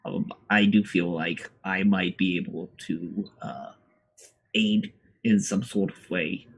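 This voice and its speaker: A man's voice: low-pitched, steady tone, slow pace, vocal fry, husky, pitched below the performer's own voice, full character voice. A man voicing a small, polite male skidamander creature who eagerly offers help in a tabletop game. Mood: earnest.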